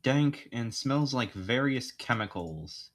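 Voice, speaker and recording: A man's voice: mid-range voice, lively intonation, takes it slowly. A man streaming, reading second-person narration aloud with joking asides, his voice slightly worn.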